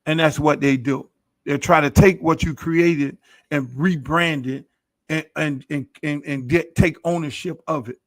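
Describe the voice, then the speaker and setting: A man's voice: a little high, fairly even intonation, unhurried, dry recording, studio quality. A middle-aged man hosting his own podcast, delivering a boastful, preachy monologue full of swearing. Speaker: podcast host. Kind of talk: profane monologue.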